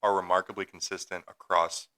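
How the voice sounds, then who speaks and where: A man's voice: sits low, flat delivery, a little fast, pushed and bright. A young man co-hosting a podcast, reading a ghost story from his notes with small stumbles, then joking around. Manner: reads a script with stumbles, then jokes and laughs.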